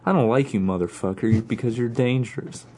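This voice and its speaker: A man playing a swaggering, profane fighter pilot in an impression, with a drawn-out, sultry delivery. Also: medium pitch, dark tone, close to an everyday voice. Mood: menacing swagger.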